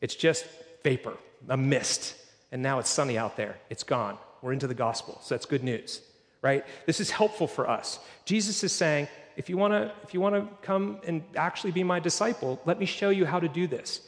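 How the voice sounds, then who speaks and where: Male pastor, slightly high voice, earnest sermon delivery, church reverb. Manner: earnest preaching, slows for quoted scripture.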